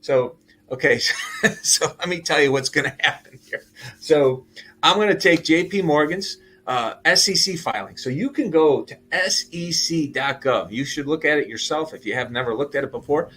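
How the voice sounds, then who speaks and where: A man in middle age hosts a casual markets talk, his voice sitting fairly high for a man. He talks in an animated way, exclaiming over numbers and breaking into laughs. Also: normal speed, a little hiss or hum. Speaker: show host.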